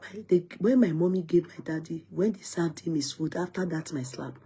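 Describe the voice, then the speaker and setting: A woman's voice: fairly low pitch, normal speed, warm tone, slight background noise. A young Nigerian woman with a Nigerian accent telling casual stories in a vlog, often laughing and mixing English with Yoruba. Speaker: vlogger. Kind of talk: casual storytelling.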